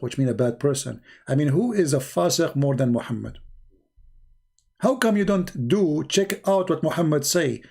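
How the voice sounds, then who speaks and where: A man's voice: fairly high pitch, darkish tone, husky. A middle-aged man giving a sarcastic, theatrical live-stream monologue in broken English, mocking as an online religious debater.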